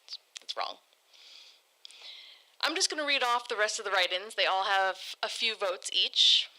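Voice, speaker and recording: A woman's voice: medium pitch, lively intonation, moderate pace, sharp tone, low-quality recording. A woman hosting a casual livestream, reading viewer write-ins aloud in a bubbly, giggly, self-deprecating way. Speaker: livestream host. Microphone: desk microphone.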